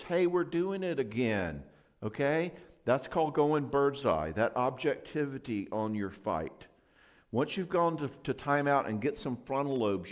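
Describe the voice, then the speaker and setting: Middle-aged male speaker, marriage seminar, lively storyteller who acts out couple quarrels. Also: mid-range voice. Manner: animated storyteller, acts out both sides of quarrels. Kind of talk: church marriage seminar talk.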